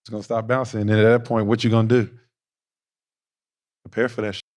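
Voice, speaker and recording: A man's voice: on the low side, level tone, brisk, a little mellow. A man giving a blunt, slangy motivational talk to young players at a basketball camp. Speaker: guest speaker at a youth basketball camp.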